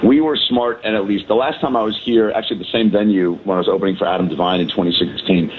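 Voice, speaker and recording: A hungover male comedian talks from a balcony over a muffled, lo-fi call line. His voice sits low, and he rambles through jokes with plenty of "uh"s and "um"s. The sound is dull and narrow. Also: quick pace, slight background noise. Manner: joking, rambling, lots of fillers. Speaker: comedian guest calling in. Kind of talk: casual chat on a call. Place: hotel balcony abroad.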